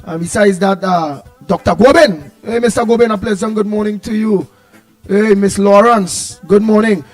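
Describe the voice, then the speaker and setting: High-voiced Trinidadian man, sing-song. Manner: animated, half-singing greetings, chatty. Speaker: co-host. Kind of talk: live call-out show, greeting viewers. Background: music playing.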